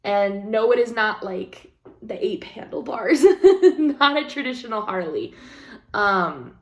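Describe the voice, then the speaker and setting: A woman's voice: medium pitch, sing-song, takes it slowly. A young woman craft vlogger telling a story in casual chat, with frequent laughs and the odd swear word. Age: young adult.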